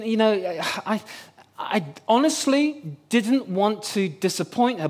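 A middle-aged man preaching a sermon and telling a personal story with humor. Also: high-pitched.

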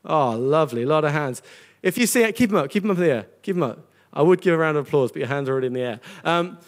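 A man's voice: on the high side, animated, racing. A man preaching a sermon to a congregation, earnest and conversational, often repeating words as he goes. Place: church gathering with a congregation.

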